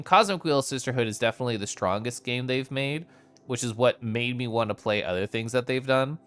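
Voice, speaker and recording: A man's voice: mid-range voice, a bit bright, clean tone. A man streaming a game from home, chatting playfully with viewers and slipping into silly little voices. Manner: playful, sappy, giggly, does silly voices. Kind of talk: casual game stream chat.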